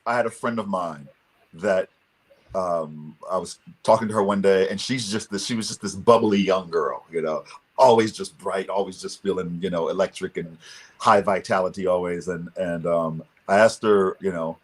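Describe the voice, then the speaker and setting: A man's voice: deep voice, moderate pace. A man speaking as an interview guest over a video call, telling a motivational story with energy and leading the audience in a pose. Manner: energetic, leads audience participation.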